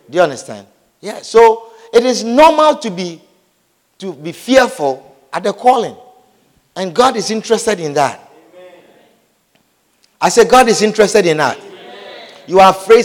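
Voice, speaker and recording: A man preaching a sermon in a lively, humorous way, acting out little scenes, repeating phrases and often asking whether his listeners understand. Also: high voice. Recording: long hall reverb.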